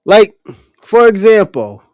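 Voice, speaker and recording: A man's voice: high-pitched, sing-song, slow, a little mellow, no room sound, studio quality. A man hosting a livestream, talking bluntly and profanely straight to his chatters. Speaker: livestream host answering chat. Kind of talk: casual ranting commentary.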